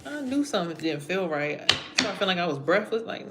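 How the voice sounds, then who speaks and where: A woman giving a blunt, casual spiritual monologue, speaking in a streetwise, profane way and swinging from muttered asides to loud outbursts. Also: lowish voice, sing-song, fairly quick, hardly any pauses, heavy background noise. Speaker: spiritual content creator.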